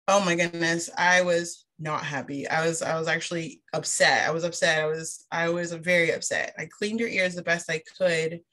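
A woman's voice: lowish voice, normal speed, few pauses. A woman sharing a personal testimony in a sermon, telling her story with emphasis and acting out the dialogue. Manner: animated storyteller who acts out dialogue; emphatic, repeats phrases for stress. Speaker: church speaker sharing a testimony.

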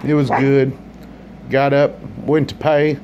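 Slow-drawling man telling a story. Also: mid-range voice, flat delivery, lo-fi sound, slight background noise. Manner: laid-back drawl, addresses listeners directly. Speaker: comedian. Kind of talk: comic storytelling.

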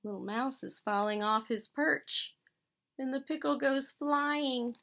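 Slow gentle American woman reading a picture book. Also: high-pitched, gravelly. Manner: gentle, explains words to children. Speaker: teacher reading aloud. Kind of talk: children's picture book read-aloud. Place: school.

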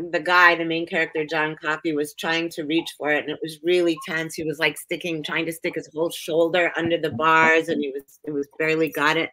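A woman from upstate New York telling personal stories as a guest in a casual chat, animated and acting out the voices she quotes. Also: low voice, low-quality recording. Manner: animated, acts out quoted voices, laughs often.

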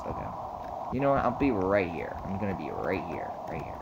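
A man giving rambling, excitable gameplay commentary, swinging from mumbles to sudden yells. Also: sits low, fairly quick. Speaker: gamer. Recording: noisy recording.

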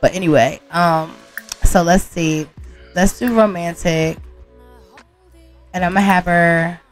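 A woman's voice: fairly low pitch, takes it slowly, soft background music. A woman casually narrating her life-sim game, chatty and slangy. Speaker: Sims gameplay storyteller. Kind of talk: casual gameplay commentary.

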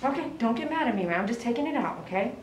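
A woman dog groomer giving casual running commentary while she works, chatty and softly cooing to the dog. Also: on the high side, expressive, very fast, heavy background noise. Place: grooming salon. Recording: echoey room, mic at a distance.

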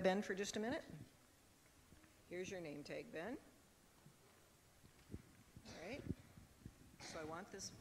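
A woman pastor giving a children's message in church, telling a story lively and acting out the voices, with a handheld microphone. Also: lowish voice, noisy background. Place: church sanctuary. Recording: long church reverb.

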